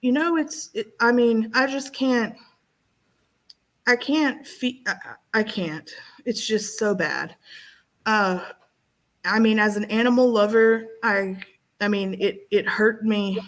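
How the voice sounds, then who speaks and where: A woman's voice: on the high side, slow pace, long pauses, poor audio. A woman co-hosting a casual talk show, speaking with strong feeling and many restarts. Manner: emotional, rambling with many restarts. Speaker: podcast co-host. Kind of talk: casual chat.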